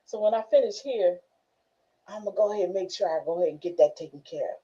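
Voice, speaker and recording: A woman's voice: medium pitch, quick pace, dark tone. A woman hosting a casual group discussion, telling stories animatedly and laughing often. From northern United States. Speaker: class host. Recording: muffled lo-fi recording.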